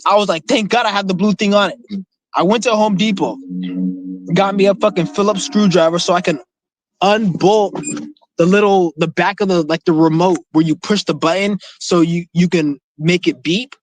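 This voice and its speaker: A man's voice: high voice, fairly even intonation, moderate pace, no room sound, low-quality recording. A man vlogging in casual chat, rambling and swearing a lot and often restarting his sentences.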